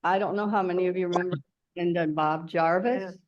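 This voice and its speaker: A woman's voice: fairly low pitch, steady tone, brisk, darkish tone, muffled recording. A woman at a group meeting, sharing news about ill members in a chatty, sympathetic way. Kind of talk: casual meeting talk.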